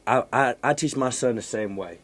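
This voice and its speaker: A middle-aged man in casual chat, talking haltingly with lots of fillers and repeats. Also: mid-range voice, a bit bright.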